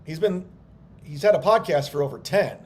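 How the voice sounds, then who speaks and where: Comedian on a livestream rant: a higher male voice, blunt, fed-up and defensive. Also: moderate pace, darkish tone. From United States. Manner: annoyed, defensive, blunt with frequent swearing. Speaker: stand-up comedian.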